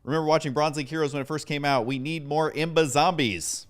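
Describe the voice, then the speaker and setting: A man streaming a game and chatting casually with viewers, excitable and self-deprecating as he thanks them by name. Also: fairly high pitch, fast talker, faint music behind. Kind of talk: casual livestream chat.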